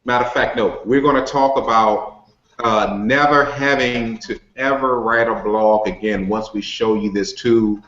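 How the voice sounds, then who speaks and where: A man's voice: medium pitch, steady tone, a little slow, fairly bright tone, roomy sound. Brief: a man as an upbeat network-marketing coach, folksy and chatty, dull lo-fi call audio. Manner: folksy and upbeat, many "you know" and "okay" fillers. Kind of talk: casual motivational group call. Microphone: video call.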